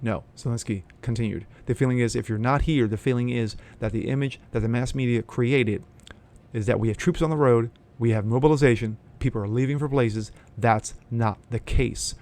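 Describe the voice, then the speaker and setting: Gravelly, blunt male commentary host. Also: medium pitch, a little mellow. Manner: blunt, profane, sneering. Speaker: host of a political commentary channel. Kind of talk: reading news then ranting opinion commentary.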